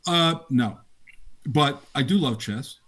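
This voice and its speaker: A man's voice: medium pitch, takes it slowly, husky. An older man, a game designer, casually telling laughing anecdotes in an interview. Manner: animated, laughing anecdotes with acted quotes.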